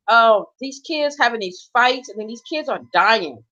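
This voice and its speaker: A woman's voice: on the high side, normal speed. Emphatic middle-aged woman, lo-fi rant. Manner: emphatic, animated, swearing freely. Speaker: mother and grandmother ranting about youth. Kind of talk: unscripted personal rant. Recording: slightly dull, lo-fi sound.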